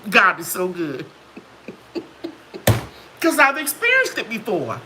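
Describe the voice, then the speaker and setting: A woman hosting a casual live chat, telling stories in a lively, preachy way and acting out quotes. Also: mid-range voice, slow, background noise.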